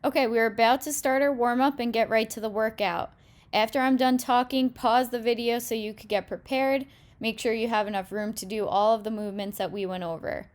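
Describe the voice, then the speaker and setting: Speaking a little fast in a slightly high voice with a steady tone and no echo, a young fitness instructor leads a home workout. She explains each move step by step as she demonstrates, getting out of breath now and then.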